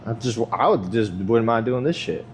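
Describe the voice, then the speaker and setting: A man's voice: lowish voice, lively intonation, normal speed, a little hiss or hum. A young man chatting casually while working out in a gym, rambling and swearing freely with a self-mocking edge. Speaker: vlogger.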